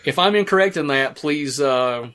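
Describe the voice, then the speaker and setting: A man's voice: fairly high pitch, animated, normal speed, fairly bright tone, clear, resonant tone. Rambling male podcast host. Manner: rambling, frequent restarts and fillers, casual swearing. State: hiccups. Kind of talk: casual movie commentary.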